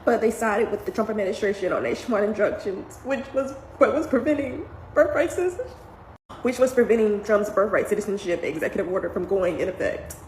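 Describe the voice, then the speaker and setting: A woman, a mother, giving emotional vlog commentary while trying not to cry, her talk earnest and halting. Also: mid-range voice, animated, darkish tone. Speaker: parent commenting on the news. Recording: echoey room with faint background noise.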